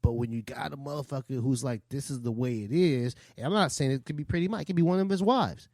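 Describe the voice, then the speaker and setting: A man's voice: a little high, fast, a little mellow, no room sound. A man co-hosting a podcast in casual, rambling chat who laughs often. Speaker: podcast co-host.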